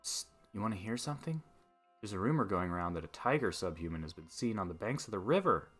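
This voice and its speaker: A man voicing a nosy, chatty young female servant in a game, with a put-on British accent and a high, exaggerated lilt. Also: lively intonation, fast talker, fairly bright tone, husky, faint music behind. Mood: gossipy. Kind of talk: reading game dialogue aloud.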